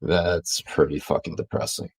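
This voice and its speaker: A man's voice: extremely low pitch, level tone, moderate pace, poor audio. A man co-hosting a political podcast, talking bluntly with plenty of swearing. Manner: blunt and profane, calls co-host sir. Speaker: podcast co-host. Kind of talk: political podcast chat, reading viewer comments.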